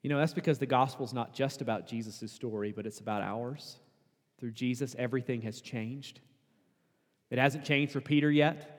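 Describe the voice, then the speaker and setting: Conversational preacher in a reverberant hall. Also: male voice, mid-range voice, steady tone, normal speed. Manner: conversational preaching, rising to emphatic peaks. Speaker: pastor. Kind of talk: sermon.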